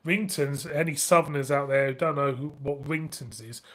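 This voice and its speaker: Northern English man in middle age, loose chatty live-stream host, laughs a lot, curses casually, voice sits a bit high. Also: fairly bright tone. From northern England. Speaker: beer review channel host.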